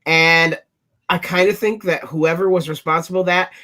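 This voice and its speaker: A panelist in a casual panel chat, speaking at an ordinary middle pitch. The delivery is wry and joking, and stories ramble along with small restarts. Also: steady tone, moderate pace, pushed and bright.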